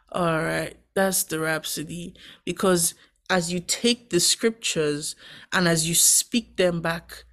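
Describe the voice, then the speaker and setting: A young adult woman giving a casual devotional sermon, animated and exclamatory, often breaking into praise. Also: low voice. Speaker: devotional speaker.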